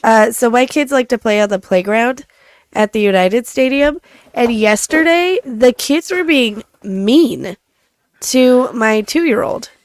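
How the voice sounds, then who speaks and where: A woman's voice: fairly high pitch, lively intonation, slow pace, no echo. A woman in her thirties with an American accent, co-hosting a radio show in casual chat while sick with bronchitis. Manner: chatty, laughing, teasing. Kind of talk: casual studio banter. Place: radio studio.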